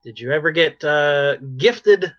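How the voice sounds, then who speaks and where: Bright-voiced chuckling podcast man. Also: fairly high pitch, a little slow, dull audio. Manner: relaxed, chuckling. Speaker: podcast co-host. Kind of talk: casual chat.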